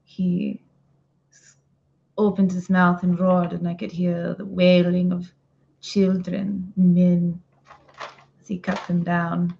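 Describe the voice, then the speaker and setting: A woman's voice: fairly low pitch, level tone, takes it slowly, creaky, pauses often, a little hiss or hum. A woman voicing a grave woman dragon hunter who speaks in a solemn, formal, old-fashioned way, over lo-fi call audio.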